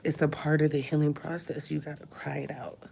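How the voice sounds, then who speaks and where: A woman's voice: sits low, flat delivery, brisk, gravelly, warm tone, a little hiss or hum. A woman, crying as she talks openly in a personal vlog from a hospital room. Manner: tearful, talks through crying. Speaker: vlogger.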